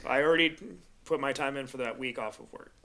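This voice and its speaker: A man co-hosting a podcast in casual chat, enthusiastic and excitable, laughing a lot. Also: medium pitch, quick pace. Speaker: podcast co-host.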